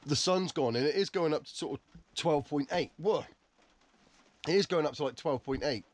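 A man vlogging casually, chatty and self-mocking, from in and around a camper van. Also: mid-range voice. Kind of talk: casual vlog talk to camera.

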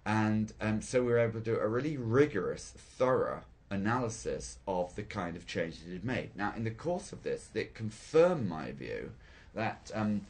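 A man's voice: lowish voice, very animated, normal speed, a little mellow. Older man, hesitant thoughtful recollection. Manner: thoughtful, hesitant with frequent ums and restarts. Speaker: theatre director. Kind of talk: reflective interview recollection.

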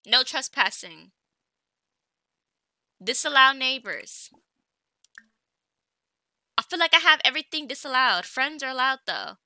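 A young woman talks through her game with a bright, sharp, high voice that swings all over the place. She gets exasperated and shouts at the characters on screen, then drops back into chatty commentary. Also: lively intonation, unhurried, long pauses, no echo, studio quality. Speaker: let's play gamer. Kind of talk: casual gameplay commentary.

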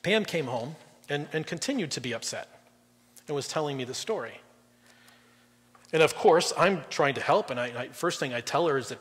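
A middle-aged man preaching a sermon as guest pastor, conversational, swinging between loud emphasis and quiet drops. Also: a little high, animated, moderate pace, pauses often, breathy edge. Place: church auditorium. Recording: long reverb in a large hall.

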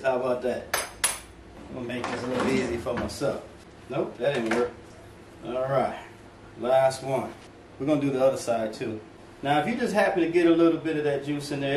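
A middle-aged man hosting a casual home cooking demonstration, joking and chatting straight to his viewers in relaxed slang. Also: medium pitch, fairly quick, recorded from a distance. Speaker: home cooking video host. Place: home kitchen. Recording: echoey kitchen from off-mic, faint room noise.

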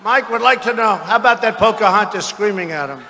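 A man in his seventies giving a political rally speech in an arena, boastful and mocking, often breaking into shouts. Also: high-pitched, fairly quick, noisy background. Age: 70s. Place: large arena with crowd. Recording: arena with long reverb.

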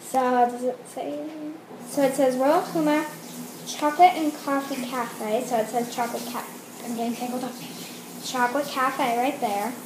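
A young woman vlogging an excited toy unboxing, gushing and exclaiming over it. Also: sits high, normal speed. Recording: echoey room with clear background noise.

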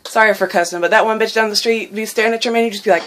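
A young woman vlogging casually about her journal, chatty and excitable, laughing often and full of fillers. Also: mid-range voice, rapid-fire, very noisy.

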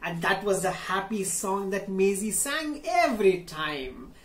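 A woman telling a children's story, slow and sing-song, talking directly to young listeners. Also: mid-range voice, expressive, roomy sound.

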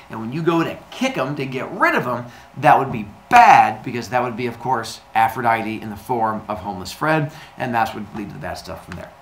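Chatty teacher man, lively voice. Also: medium pitch. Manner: chatty, says "like" often, acts out little scenes. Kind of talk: recorded remote lesson. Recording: echoey room, faint noise.

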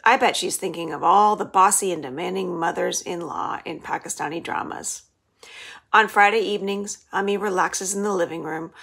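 A woman's voice: lowish voice, slightly rough. A woman librarian reading the first chapter of a children's novel aloud, telling it expressively. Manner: expressive storytelling.

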